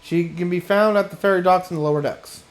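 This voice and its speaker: A man's voice: high-pitched, fairly even intonation, fast, voice pushed up, close to an everyday voice. A man voicing a formal, weary male garrison officer from a game, reading the dialogue plainly.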